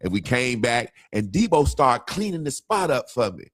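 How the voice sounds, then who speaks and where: A man on a casual talk show telling a funny story about an old friend, animated and laughing, swearing freely. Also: mid-range voice, moderate pace, no echo, studio quality. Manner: animated, laughing, profane, quotes friends in lively voices. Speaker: podcast co-host.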